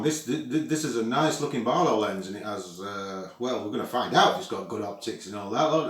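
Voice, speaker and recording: A man's voice: on the low side, animated, a little fast, hardly any pauses. A British man giving a casual, chatty product review with exasperated asides to his viewers. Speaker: astronomy gear reviewer. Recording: echoey room.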